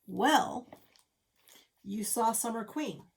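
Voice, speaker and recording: A woman's voice: on the high side, lively intonation, very slow, gravelly. Chatty middle-aged woman showing her stitching. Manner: chatty, self-deprecating, rambling asides. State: a little out of breath. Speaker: stitching vlogger. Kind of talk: casual show-and-tell vlog. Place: home craft room.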